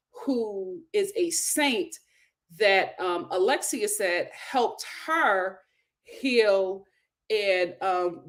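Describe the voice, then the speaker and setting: A woman's voice: mid-range voice, a bit bright. A woman hosting a casual reality TV recap, emphatic and exclamatory, who repeats phrases for effect.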